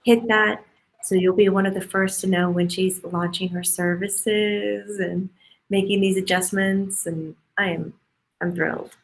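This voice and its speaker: A woman's voice: mid-range voice, steady tone, measured pace, poor audio. A woman hosting a casual interview, gushing and effusive as she talks. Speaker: host.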